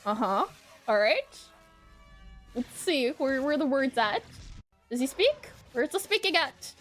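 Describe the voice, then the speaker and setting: A woman's voice: high voice, big pitch swings, a little slow, fairly bright tone. A woman streaming her pixel art work, chatting casually, talking to herself as she clicks and reading out chat, with faint music behind.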